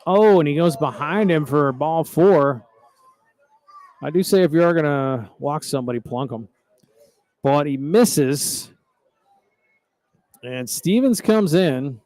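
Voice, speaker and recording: A man's voice: on the high side, expressive, takes it slowly, long pauses, a little mellow, no room sound. A middle-aged man, calling a baseball game in a folksy, chatty, rambling way. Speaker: play-by-play announcer. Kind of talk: baseball commentary.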